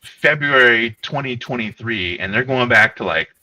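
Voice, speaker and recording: A man's voice: mid-range voice, normal speed, poor audio. A man co-hosting a livestream, telling rambling, profane stories in casual chat. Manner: rambling, profane, animated storytelling. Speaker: co-host.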